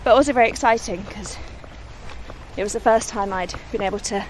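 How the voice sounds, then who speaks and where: A woman's voice: mid-range voice, brisk, a little hiss or hum. A young woman from the West Midlands, a singer-songwriter, chatting modestly and laughing easily as she is interviewed on a countryside walk. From West Midlands, England. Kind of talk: casual outdoor interview on a walk. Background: faint outdoor ambience and distant vehicles.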